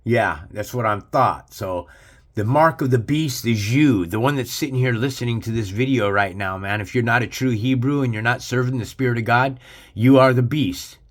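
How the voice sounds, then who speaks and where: A man's voice: mid-range voice, normal speed. A man hosting his channel with an aggressive, profane, preachy religious rant. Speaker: channel host. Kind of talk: ranting religious commentary.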